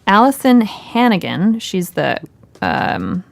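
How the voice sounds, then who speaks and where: A woman co-hosting a casual comedy podcast, reading out true crime trivia for a guessing game in a quick, offhand way. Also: mid-range voice, huge pitch swings, gravelly, no room sound. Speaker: podcast co-host.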